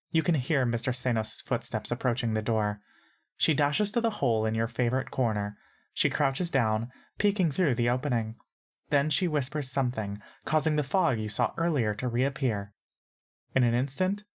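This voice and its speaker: A woman narrating a story in second person in a calm, measured way. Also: a bass voice. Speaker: audiobook narrator.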